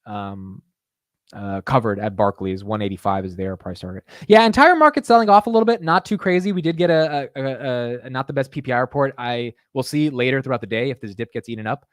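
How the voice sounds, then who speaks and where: A young man hosting a live stock market stream in casual chat, excitable, laughing and swearing as his energy swings between calm and loud. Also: mid-range voice, a little fast, dry recording, clean studio sound. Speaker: stock market livestream host.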